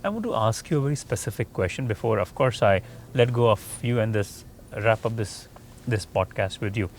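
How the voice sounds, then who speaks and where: A man's voice: on the low side, expressive, fairly quick, slight background noise. A man hosting a podcast interview, asking long, rambling questions with restarts. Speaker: podcast host.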